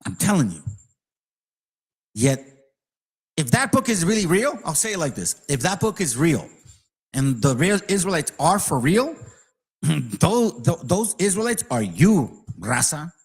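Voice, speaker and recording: A man rants heatedly in a voice that sits a little high for a man. He swears freely and slips into sarcasm as he argues his point, talking straight to his viewers. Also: big pitch swings, unhurried, pauses often, husky. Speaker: channel host. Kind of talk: ranting commentary.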